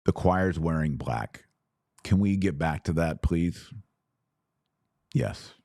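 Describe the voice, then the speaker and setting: A man's voice: sits low, takes it slowly, vocal fry. A man in his forties hosting a podcast, talking earnestly and personally with emphatic turns. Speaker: podcast host. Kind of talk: casual commentary podcast.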